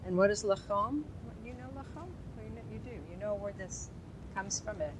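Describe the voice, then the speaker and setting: A woman's voice: mid-range voice, brisk, background noise. A woman teaching an informal Hebrew Bible lesson, chatty and quizzing her class. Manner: chatty, asks the class questions, loose asides.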